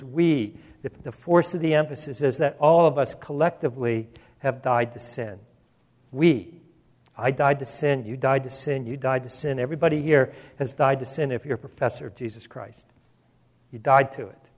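A male pastor preaching a sermon in an emphatic, conversational way, with asides and restarts. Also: mid-range voice.

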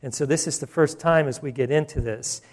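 A man's voice: medium pitch, fairly quick. A male pastor preaching a sermon in an emphatic, conversational way, with asides and restarts.

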